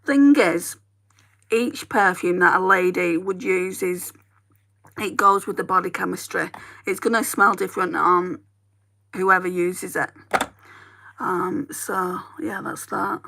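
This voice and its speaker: Gravelly bright northern English woman. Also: on the low side, steady tone, slow pace, long pauses. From northern England. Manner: chatty, rambling, talks to viewers. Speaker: beauty vlogger. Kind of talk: casual chat while doing makeup.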